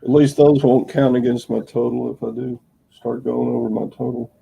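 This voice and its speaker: A man's voice: medium pitch, steady tone, moderate pace, vocal fry, warm tone, a little hiss or hum, rough recording. A man co-hosting a casual online show, talking in an easygoing, drawling way. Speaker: co-host. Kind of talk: casual chat.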